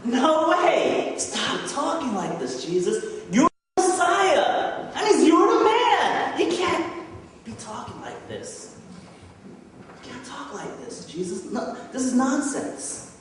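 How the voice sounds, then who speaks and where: A man voicing an indignant male disciple who shouts in exasperated protest. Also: very high-pitched, very animated, slow, a little hiss or hum, voice pushed up, heavily acted. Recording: echoey church hall from far off.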